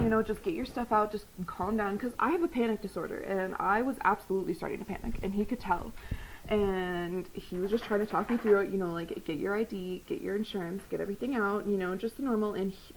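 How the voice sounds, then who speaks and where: A young woman vlogging casually, telling a story in an animated, heated way, full of "like" fillers and swearing. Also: mid-range voice, slight background noise, poor audio. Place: home, dog barking nearby.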